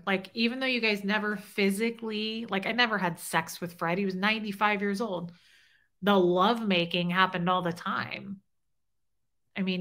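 Bright-voiced woman hosting a heartfelt livestream. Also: medium pitch. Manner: heartfelt, openly emotional, chatty. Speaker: livestream host. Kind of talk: casual livestream chat reading comments.

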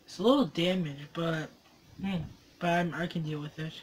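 A man's voice: on the high side, fairly even intonation, normal speed, slight background noise. A teenage boy unboxing a collectible toy on his vlog, swearing constantly and ranting angrily between mumbled hums. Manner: profane angry ranting.

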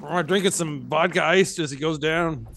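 A man's voice: on the high side, moderate pace, creaky, a bit bright, slight background noise. Chatty man sharing movie trivia. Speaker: stream co-host. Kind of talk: casual chat about bad movies.

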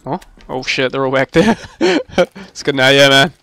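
Gravelly, bright-voiced young male streamer. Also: mid-range voice, moderate pace, no room sound. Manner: excitable, swears, laughs often. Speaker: gaming livestreamer. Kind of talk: casual livestream commentary.

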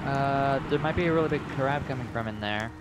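Terse low-key gamer man. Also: a little fast, noisy background. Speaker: co-op teammate. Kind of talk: gameplay chat.

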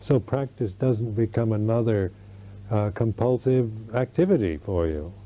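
Slow, deep-voiced older monk teaching. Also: male voice, expressive. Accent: American. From United States. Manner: slow, searching, with many restarts. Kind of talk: Dharma talk at a retreat. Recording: dull lo-fi 1991 recording.

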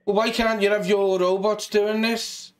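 A man's voice: sits high, little pitch movement, unhurried. A man with a Liverpool accent on a prank call to a scammer, brash, mock-tough and swearing freely. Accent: Liverpool (Scouse). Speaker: scambaiter.

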